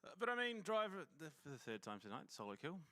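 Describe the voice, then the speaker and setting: A man's voice: fairly high pitch, big pitch swings, fast, pushed and bright. A man giving analytical color commentary on a game match, citing stats with frequent fillers. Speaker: esports color caster.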